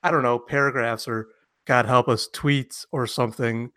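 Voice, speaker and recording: Laughing, animated male podcast co-host. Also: medium pitch, moderate pace. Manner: animated, laughs often, slips into mocking quoted voices. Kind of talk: casual banter.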